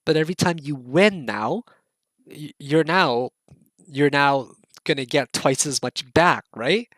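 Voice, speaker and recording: Male instructor, upbeat and repetitive; somewhat high voice, dry close sound; energetic online course lecture. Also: no room sound. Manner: enthusiastic, repetitive, keeps checking in with "right?" and "okay?". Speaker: trading instructor.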